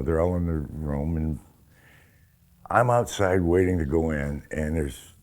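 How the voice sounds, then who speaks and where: A man's voice: extremely low pitch, gravelly, darkish tone. A man, a stage actor, casually recounting an anecdote, rambling with restarts. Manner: rambling storyteller with many restarts. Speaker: actor recalling an audition.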